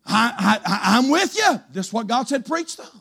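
A male pastor preaching a fiery revival sermon, shouting his points and dropping to a hushed voice for stories. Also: very high voice, big pitch swings, normal speed, slightly rough. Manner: shouting, swinging from loud to hushed storytelling.

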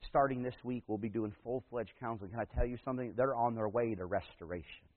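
A man preaches with a slightly husky voice, rising to loud, emphatic peaks as he tells a story from his church. His voice comes through a narrow, tinny, phone-like recording. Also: medium pitch, fast, long reverb tail. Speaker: pastor. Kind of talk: sermon.

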